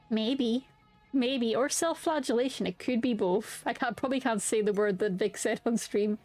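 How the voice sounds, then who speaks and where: A woman's voice: fairly high pitch, normal speed, darkish tone, soft background music. A young woman streaming casually, chatting to her viewers and humming filler tunes between remarks. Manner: bubbly, hums and sings filler tunes. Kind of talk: casual live-stream chat.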